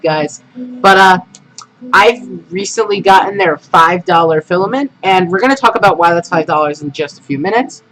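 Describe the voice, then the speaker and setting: A man hosting a casual live stream, rambling, humming and muttering to himself as he sets up. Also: high voice. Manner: rambling, hums and mutters while setting up. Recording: noisy home stream audio.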